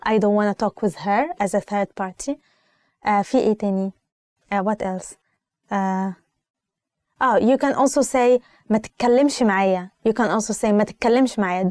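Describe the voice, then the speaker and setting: A woman's voice: medium pitch, quick pace, darkish tone, dry recording. A young woman with an Egyptian accent teaching spoken phrases in a casual lesson, repeating each phrase and explaining it with many "uh" fillers. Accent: Egyptian Arabic. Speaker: language teacher.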